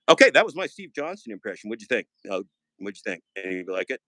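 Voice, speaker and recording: A man's voice: fairly low pitch, sing-song, fast, pushed and bright, dry recording. A man rambling and joking on a casual live stream, trailing off and restarting often.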